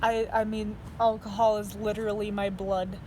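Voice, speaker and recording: A woman's voice: medium pitch, level tone, moderate pace, darkish tone, slight background noise, rough recording. A woman in her twenties telling a story in a casual vlog, rambling, chatty, and laughing often. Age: 20s. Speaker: vlogger.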